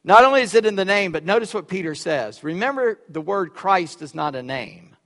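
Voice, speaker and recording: Pastor guy preaching in a church, fairly high voice, loud one sec then hushed the next, big hall echo. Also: lively intonation, brisk. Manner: dynamic, swings from loud emphasis to quiet asides. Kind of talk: sermon. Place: church sanctuary. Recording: echoey hall with long reverb.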